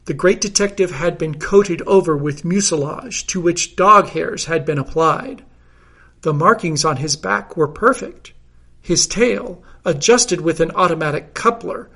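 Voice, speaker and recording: A man reading a comic story aloud in a measured, theatrical way. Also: fairly high pitch, a bit bright. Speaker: narrator.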